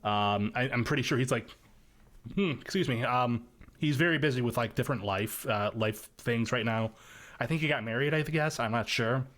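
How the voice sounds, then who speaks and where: A man's voice: mid-range voice, moderate pace, a bit bright. A young man chatting casually on a podcast, rambling through his thoughts with frequent ums and restarts. His voice sits in an ordinary middle register for a man. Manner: rambling, many fillers and restarts. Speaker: podcast guest, machinima creator.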